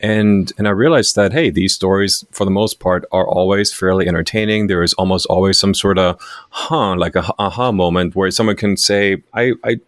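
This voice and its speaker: A man in his thirties, a guest author telling lively stories in an interview, laughing often and acting out what others said. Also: deep voice, no room sound, studio quality. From Germany. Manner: animated storyteller, laughs often, acts out quoted lines. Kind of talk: storytelling interview.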